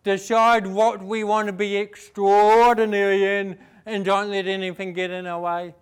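A young man from New Zealand with a New Zealand accent, giving an energetic, fast-talking inspirational speech full of rhetorical questions. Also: high-pitched, smooth. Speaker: inspirational speaker. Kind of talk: motivational speech.

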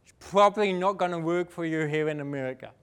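A man's voice: fairly high pitch, fast talker, fairly bright tone, smooth, natural voice. A man with a New Zealand accent imitating a brusque older woman booking agent in a blunt, commanding way.

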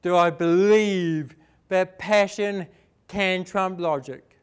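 A young man from New Zealand with a New Zealand accent, giving a fast, emphatic motivational talk and asking the audience questions. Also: sits high, fairly even intonation, smooth. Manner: fast-talking, rising and falling for emphasis, asks the audience questions. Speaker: inspirational speaker. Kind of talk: motivational speech.

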